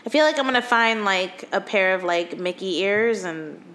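A woman's voice: mid-range voice, moderate pace, a bit bright. A woman in her thirties co-hosting a podcast in casual chat, giggly and rambling, with many fillers and restarts. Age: 30s. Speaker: podcast co-host.

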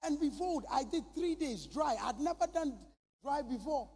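A Ghanaian man preaching a sermon with impassioned, shouted bursts. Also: extremely high pitch, animated, normal speed. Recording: long reverb in a large hall.

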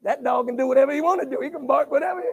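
In this sermon, the preacher alternates loud outbursts with quiet asides, stumbling over repeated words and urging the congregation to answer. He talks very fast at an extremely high pitch, and the recording is muffled.

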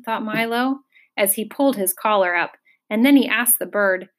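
A woman reading a children's fantasy novel aloud in a measured, expressive storytelling voice. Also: mid-range voice. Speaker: audiobook narrator. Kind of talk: scripted narration.

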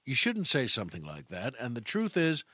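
A man's voice: mid-range voice, huge pitch swings, a little fast, bright, forceful tone, dry recording, pitched below the performer's own voice, exaggerated voice. A man voicing an irritated young waitress who grows more and more fed up. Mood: scolding. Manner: huffy, losing patience.

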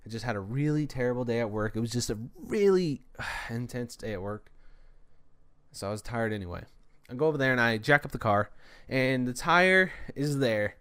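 A young man tells a story on his podcast in a loose, rambling way, running sentences together without breathing. He sounds worn out. His voice sits in an ordinary middle pitch. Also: lively intonation, normal speed, fairly bright tone, clear, resonant tone. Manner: rambling, long-winded, breathless. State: tired. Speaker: podcast host. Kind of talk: casual solo storytelling.

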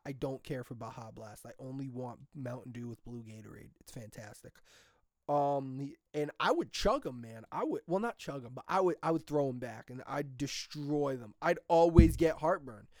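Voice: medium pitch, darkish tone, no room sound, studio quality. A young adult from the United States telling a rambling story in a casual monologue, laughing often and drifting off topic. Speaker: vlogger.

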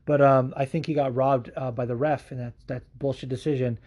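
A man's voice: mid-range voice, flat delivery, a little fast, darkish tone. A man hosting a solo podcast, chatting casually, rambling and swearing a lot, laughing often. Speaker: podcast host.

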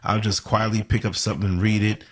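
A man speaking as a guest on a talk show, calm and agreeing in casual chat. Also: lowish voice, fast talker, slightly rough.

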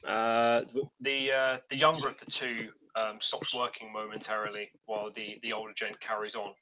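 A man narrating a tabletop game as game master, relaxed and full of fillers. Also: on the low side, moderate pace, slight background noise, low-quality recording. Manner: relaxed, many fillers and restarts.

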